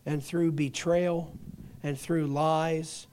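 A man in middle age delivers a sermon in a high-pitched voice. His storytelling is passionate and shifts between quiet, hushed moments and loud, emphatic peaks. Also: level tone, very slow, slight background noise. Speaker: pastor.

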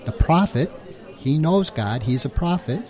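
A man's voice: a little high, animated, measured pace, over music, a crowd in the background. A man co-hosting a talk show, explaining a scripture passage in a casual teaching style and firing off rhetorical questions. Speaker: co-host teaching the Bible.

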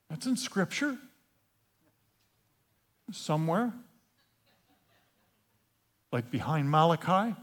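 A man preaching a storytelling sermon, animated and playful, acting out the scenes and stumbling over restarts. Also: fairly high pitch. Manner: halting, with frequent restarts.

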